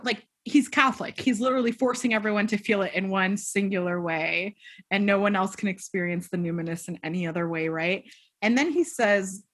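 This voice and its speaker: This is a woman co-hosting a podcast in casual chat. She retells a film's story with lively energy and slips into quick impressions of the characters. Her voice sits at an ordinary middle pitch. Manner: animated storyteller, acts out quotes. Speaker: podcast co-host. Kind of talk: casual film recap chat.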